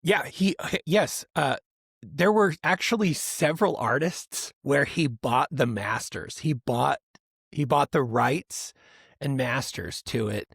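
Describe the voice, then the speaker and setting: A man co-hosting a podcast in casual chat, rambling and animated, often mimicking other people's voices for laughs. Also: mid-range voice, takes it slowly, gravelly, slightly rough, no room sound, clean studio sound. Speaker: podcast co-host.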